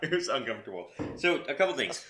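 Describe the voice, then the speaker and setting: A man's voice: medium pitch, big pitch swings, quick pace, bright, forceful tone. A man hosting a casual podcast chat, rambling through stories and laughing as he talks. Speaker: podcast host.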